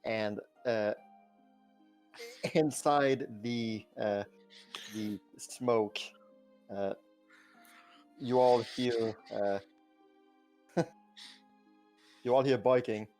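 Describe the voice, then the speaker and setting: Hesitant, slow-talking male game master. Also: mid-range voice, steady tone, darkish tone, faint music behind. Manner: halting, many fillers. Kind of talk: narrating a tabletop game.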